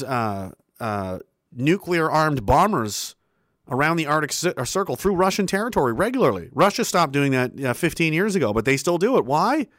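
A man's voice: a little high, fairly bright tone, dry recording, clean studio sound. A man giving a heated, profane commentary that rambles with restarts. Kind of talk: casual political rant.

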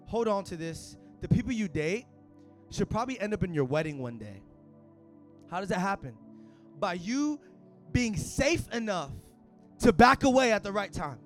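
High-voiced pastor preaching casually. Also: male voice, sing-song, normal speed, long pauses, soft background music. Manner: casual slang-filled preaching, rising to shouts. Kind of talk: sermon. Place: church service.

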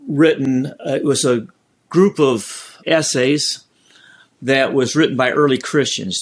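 Middle-aged man, earnest, reflective guest storyteller, halting phrasing, medium pitch. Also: fairly bright tone. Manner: earnest, halting, recounts prayers aloud. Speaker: guest, ministry founder.

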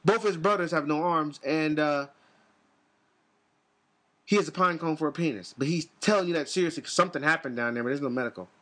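A man's voice: on the high side, brisk, fairly bright tone. A man in casual comedic banter, rambling and crude, jumping between ideas and slipping into mocking voices.

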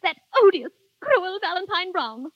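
A fretful, proper spinster aunt flutters and hesitates in a very high voice. Her pitch swings widely, and the old radio recording sounds dull and dry. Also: expressive, normal speed, dry recording. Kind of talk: 1930s radio drama acting.

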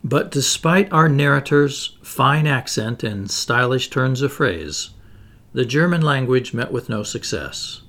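A man reading an audiobook in an expressive, measured storytelling voice. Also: mid-range voice. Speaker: audiobook narrator. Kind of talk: scripted audiobook narration.

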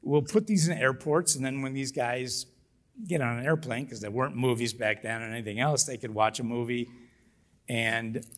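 Middle-aged guy telling a founder story in an interview, laughs a lot, acts stuff out. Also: medium pitch. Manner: animated, laughs often, acts out quotes. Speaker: business founder guest.

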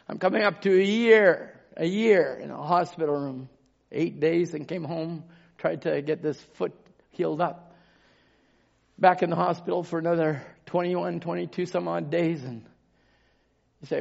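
A man telling a personal testimony in a sermon, moving from quiet storytelling to shouted preaching. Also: on the high side, normal speed, vocal fry. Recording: dull lo-fi recording.

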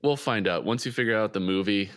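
A man's voice: lowish voice, quick pace, fairly bright tone, clean tone. A man hosting a podcast in casual chat, a little hesitant and often repeating words as he starts. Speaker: podcast host.

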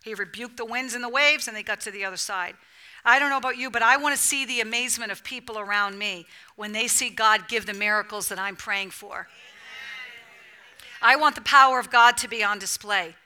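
A woman's voice: a little high, fairly quick, bright, forceful tone, clear, resonant tone. A woman preaching a fervent, emphatic sermon to a women's church gathering, with a repetitive preaching cadence.

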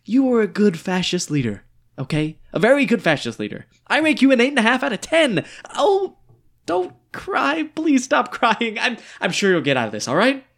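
A man's voice: very high-pitched, big pitch swings, moderate pace, creaky, a bit bright, heavily acted. A man reading the part of a ghostly dictator with a bullet wound, needy and melodramatic, in a stage play reading. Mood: fussing. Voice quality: theatrical, swinging between whimpers and outbursts.

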